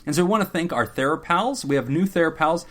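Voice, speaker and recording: A man's voice: on the high side, expressive, quick pace, fairly bright tone. A man co-hosting a casual podcast, reading out supporter thank-yous with frequent laughter. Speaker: podcast co-host.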